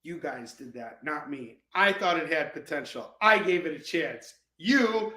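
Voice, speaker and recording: Guy running a live comic sale, kinda high voice, jokey and sarcastic, echoey room. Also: moderate pace, sharp tone. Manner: joking, sarcastic banter with viewers. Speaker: host of a live comic-book sale show. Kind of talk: casual live selling chat.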